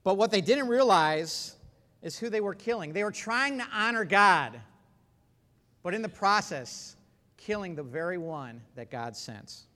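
Animated male preacher in a reverberant hall. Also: high-pitched, a little slow. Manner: animated, emphatic preaching with dramatic swings in volume. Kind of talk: sermon.

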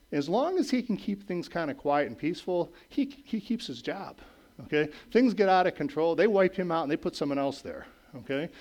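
Sprinkling his talk with "okay?" and "right?", this middle-aged man preaches a sermon in a conversational style. He swings from loud, emphatic statements to hushed, low asides. He is a pastor.

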